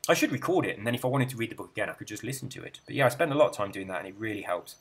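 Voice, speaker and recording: A man's voice: on the low side, animated, very fast, breathy edge. An Englishman with an English accent, a gaming channel host chatting casually and rambling through viewer comments in a friendly, self-deprecating way. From England.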